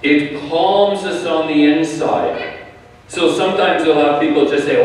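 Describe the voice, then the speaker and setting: A male pastor delivers a sermon at an unhurried pace, calm and measured, letting his voice fall quiet at times. He is heard from a distance in a large, echoing church hall with a faint room hum behind him. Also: on the high side. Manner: calm, measured preaching with soft drops in volume. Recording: echoey hall, speaker far from the mic.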